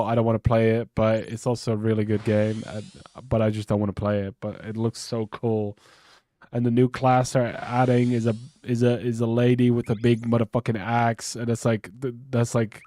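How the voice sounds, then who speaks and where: A young man streaming a game chats casually with a stuffy nose in a medium-pitched, darkish voice, recorded dry. He rambles, swears a lot, and often restarts sentences.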